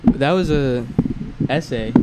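A man's voice: mid-range voice, slow pace. A young man who is a guest on a podcast, joking and self-deprecating in casual chat. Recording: loud background noise.

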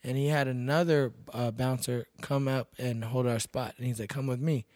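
A young man from Texas trades stories in a relaxed podcast interview, blunt and unbothered, cursing as he goes. His voice sits at an ordinary middle pitch. It is captured dry and close on a studio mic. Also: normal speed, no echo. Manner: laid-back, blunt, swears freely. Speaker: podcast guest, bouncer and MMA fighter. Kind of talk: casual storytelling chat.

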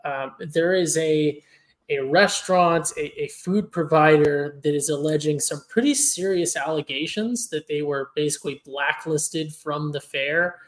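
A man's voice: on the high side, fairly even intonation, a little slow, low-quality recording. A man co-hosting a podcast in casual chat, rambling with many restarts and fillers. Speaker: podcast co-host.

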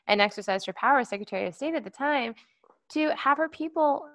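A woman co-hosting a casual political podcast, indignant and quick, often restarting her sentences and talking over her partner. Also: high voice, animated, a bit bright. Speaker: podcast co-host. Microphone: remote call with feedback.

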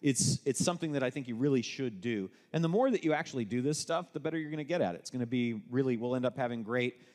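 A man's voice: mid-range voice, expressive, fast, darkish tone. Man presenting to a live audience, echoing hall. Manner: conversational, explanatory, with frequent restarts. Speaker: co-host presenting at a live workshop. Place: event room with an audience.

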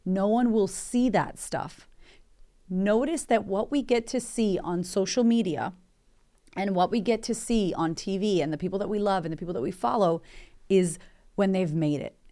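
A woman's voice: medium pitch, moderate pace, mellow. A woman, hosting a motivational podcast in a candid, emphatic, chatty way with swearing. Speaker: podcast host and coach.

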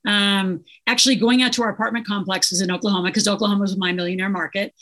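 A woman's voice: medium pitch, fairly even intonation, fast talker, a bit bright. A middle-aged woman, a guest author, chatting casually and telling stories with enthusiasm. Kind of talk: casual interview chat.

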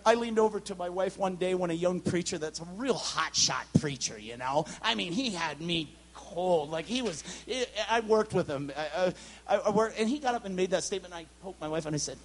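High-voiced preacher, shouting then whispering. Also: male voice, a little fast. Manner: swings from loud shouts to hushed whispers; storytelling, animated and humorous. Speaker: guest preacher. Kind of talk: charismatic sermon.

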